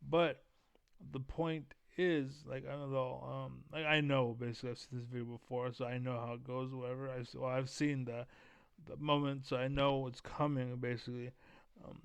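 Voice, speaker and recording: A man's voice: medium pitch, little pitch movement, moderate pace, gravelly, clear, resonant tone, no room sound. A man giving heated, profane commentary while reacting to a video, keyed up and leaning on fillers like "basically.". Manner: profane, blunt, many fillers like 'basically'. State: keyed up, energetic.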